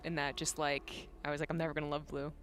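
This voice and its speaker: A woman's voice: sits low, little pitch movement, fast talker, a bit bright, a little hiss or hum. A Canadian woman co-casting a strategy game match, playful and laughing often as she analyzes. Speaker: esports co-caster. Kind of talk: color commentary. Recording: faint music behind.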